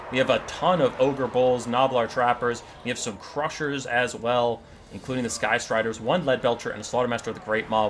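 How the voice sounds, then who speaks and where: A man casting a strategy game battle, telling the story in an animated, jokey way with quick asides. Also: medium pitch, slight background noise. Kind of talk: casual game commentary and storytelling.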